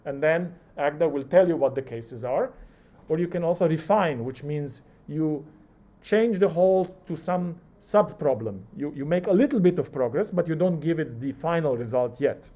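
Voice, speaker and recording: A male lecturer teaching a live coding class, talking through each keystroke and acting out the software's replies. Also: fairly high pitch, animated, moderate pace.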